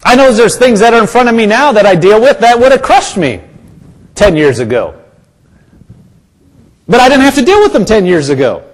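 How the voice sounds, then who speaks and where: Male pastor preaching, emphatic, repeats his points, slightly higher voice. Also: big pitch swings, moderate pace, long pauses. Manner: emphatic and repetitive, calls for congregation responses. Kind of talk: sermon.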